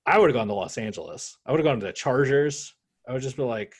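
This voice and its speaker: A man co-hosting a casual sports podcast, swinging between muttered asides and loud, animated rants. His talk is full of jokes and swearing, at a mid pitch. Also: a little fast, slightly rough. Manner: animated, profane, joking rants. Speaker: podcast co-host.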